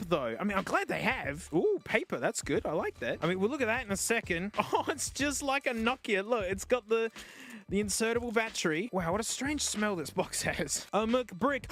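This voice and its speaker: Excitable Australian man, high lively voice. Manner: excitable and wry, laughs often. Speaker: streamer reviewing phones. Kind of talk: casual unboxing commentary.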